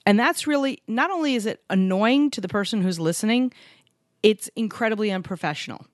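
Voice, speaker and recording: A woman co-hosts a podcast in a casual chat, animated and emphatic, now and then acting out other people's voices. Her voice sits at a middle pitch. The sound is dry and close to the mic. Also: no room sound. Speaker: podcast co-host. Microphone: podcast microphone.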